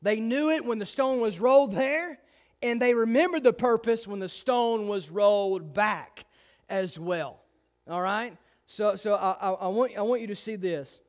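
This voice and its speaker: High-voiced man preaching emphatically. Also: a little slow. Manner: emphatic preaching with repeated restarts. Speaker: pastor. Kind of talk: sermon.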